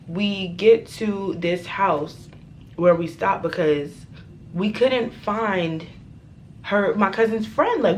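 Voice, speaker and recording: A young woman vlogger telling a storytime tale in a dramatic, profane, animated way. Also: lowish voice, slight background noise. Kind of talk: storytime vlog.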